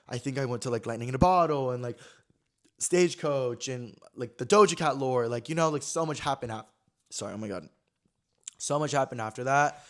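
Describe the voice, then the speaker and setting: Young guy podcaster rattling through a story, super chatty, quick. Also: medium pitch. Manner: chatty, animated, lots of fillers and quoted voices. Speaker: podcast host. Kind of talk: casual storytelling chat.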